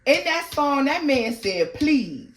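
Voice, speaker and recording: Animated, slangy woman reading tarot. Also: lowish voice, moderate pace. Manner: animated, slangy, sings song snippets and laughs often. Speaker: tarot reader. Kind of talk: casual tarot reading to camera.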